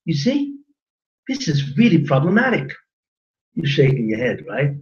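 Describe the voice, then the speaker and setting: A man teaching a class as a rabbi, animated and joking, quizzing his audience with questions. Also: a little high, moderate pace. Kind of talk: lively Torah class lecture. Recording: roomy lo-fi recording from a distance.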